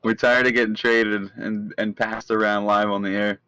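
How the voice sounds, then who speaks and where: Dude ranting sarcastically on a podcast, dead dry recording. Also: male voice, lowish voice, flat delivery, normal speed, sharp tone, smooth, no echo, poor audio. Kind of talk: casual chat.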